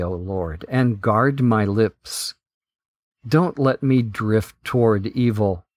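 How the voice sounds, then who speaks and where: A man hosting a Bible podcast, reading scripture in a measured, deliberate way. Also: medium pitch, dry recording, clean studio sound.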